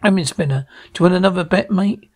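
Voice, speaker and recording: An actor playing a brash, gruff Australian two-up ring-keeper, barking loud calls to a crowd. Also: male voice, sits high, fast talker. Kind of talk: TV drama acting.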